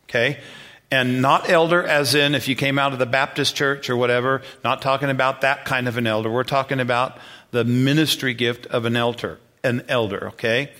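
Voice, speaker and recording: A man's voice: medium pitch, steady tone, a little fast, pushed and bright. A man who is a senior pastor preaching a sermon in a conversational way, often repeating himself and checking in with the congregation.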